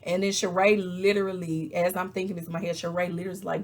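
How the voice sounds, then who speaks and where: A woman recapping a reality show in casual, animated chat, acting out quotes with exasperated asides. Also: on the low side, fast. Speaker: reality TV reviewer.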